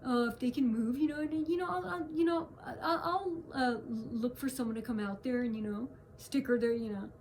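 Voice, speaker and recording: A woman's voice: high voice, a little fast, few pauses, darkish tone, slight background noise, lightly acted. A woman mimicking a flustered man on the phone who stammers and hedges. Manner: stammering, hedging.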